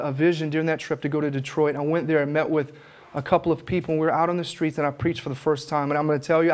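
A man, an evangelist teaching at a conference, telling his stories with fervor. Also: on the high side. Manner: fervent storytelling, acts out his own prayers.

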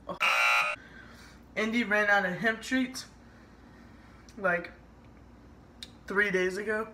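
A woman's voice: medium pitch, steady tone, background noise. A woman in her twenties with a Southern US accent, chatting casually to camera in a vlog and filling her sentences with "like". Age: 20s. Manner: chatty, fills every pause with "like". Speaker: vlogger.

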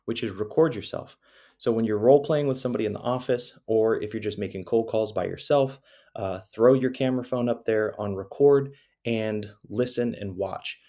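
Talking to camera, a man coaches salespeople in a casual, instructional way, his voice lowish and darkish. He keeps it conversational and often tacks on little tag questions like "right?" and "you know."

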